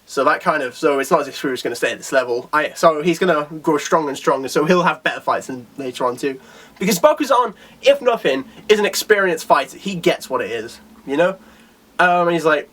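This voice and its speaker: A man's voice: a little high, lively intonation, a little fast, a bit bright. A man giving a casual, rambling video review of a comic chapter, with lots of fillers and restarts.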